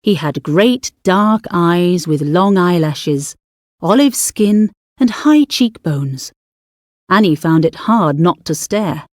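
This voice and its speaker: A woman reads an audiobook story with measured, expressive storytelling. Her pitch rises and falls in a lively way, and the sound is dry and close. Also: dry recording. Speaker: audiobook narrator. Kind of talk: scripted audiobook narration.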